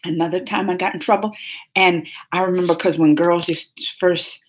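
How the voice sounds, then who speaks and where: A woman in her thirties hosting a casual livestream, chatting and rambling to viewers with lots of restarts and asides, her pitch jumping up when she gets excited. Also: normal speed. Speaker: livestream host. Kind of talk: casual live chat with viewers.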